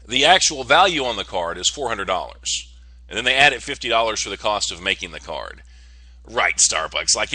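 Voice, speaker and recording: A man's voice: mid-range voice, sharp tone. A man hosting his own online show, talking casually and joking his way through news stories with rambling asides. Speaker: podcast host. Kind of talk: casual comedic monologue.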